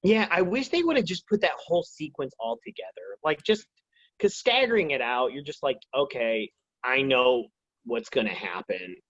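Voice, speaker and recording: A man co-hosting a casual TV episode review, giving halting, reflective opinions. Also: medium pitch, animated, fairly bright tone, no room sound, muffled recording. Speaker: co-host.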